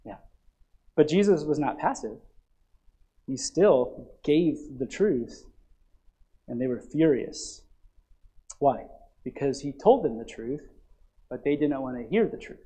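A man preaching a sermon as pastor, swinging from loud emphatic passages to quiet low ones and asking the congregation to fill in words. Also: expressive, slow pace, long pauses, husky.

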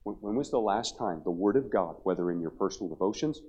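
A man in his forties, a pastor preaching a revival sermon, joking and telling stories, then pressing his point loudly. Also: deep voice, lively intonation, quick pace, breathy edge, dull audio. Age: 40s. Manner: humorous storytelling, rising to loud emphatic preaching. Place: church sanctuary.

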